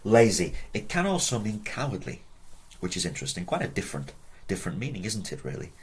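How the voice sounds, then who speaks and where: Husky-voiced man teaching Latin. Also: fairly low pitch, big pitch swings, quick pace. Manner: chatty, drills words by repeating them. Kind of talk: video lesson.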